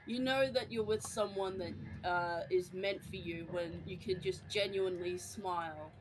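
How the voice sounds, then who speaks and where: A woman's voice: on the low side, fairly even intonation, normal speed, low-quality recording. A woman streaming a game and chatting casually, hesitant, with many fillers, restarts and laughs. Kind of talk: casual chat while gaming.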